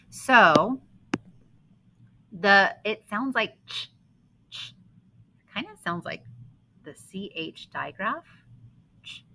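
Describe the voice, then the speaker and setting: A woman teaching young children to read, her voice bright and clear. She moves very slowly and patiently, breaking each word into its sounds. A faint hiss sits under the recording. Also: on the low side, rough recording. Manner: slow, patient, sounding out words. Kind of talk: phonics lesson for young children.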